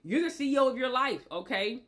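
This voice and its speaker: A woman's voice: high voice, animated, a little fast, a bit bright. A woman giving relationship advice straight to camera, repeating her points emphatically and checking in with "okay?". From Tennessee. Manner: emphatic and repetitive, asks okay often. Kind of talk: motivational monologue to camera.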